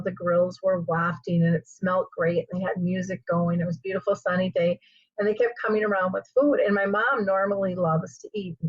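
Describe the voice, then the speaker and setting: A woman's voice: fairly low pitch, breathy edge, dry recording, muffled recording. A woman host telling a story in a casual interview, acting out the quotes as she goes. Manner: lively storyteller who acts out quotes.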